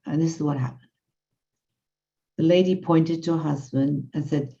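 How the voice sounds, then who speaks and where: A woman lecturer with a low, mellow voice tells an animated story to a class. She speaks conversationally and quotes the people she talks about. The recording is dull and lo-fi. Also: normal speed, gravelly, long pauses. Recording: muffled lo-fi audio.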